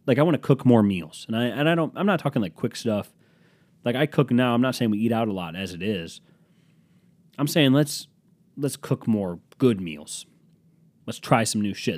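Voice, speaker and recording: Rambling, self-mocking man with a low voice. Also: a little mellow, no echo. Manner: rambling, self-deprecating, profane, jokey. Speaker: podcast host. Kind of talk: solo podcast monologue.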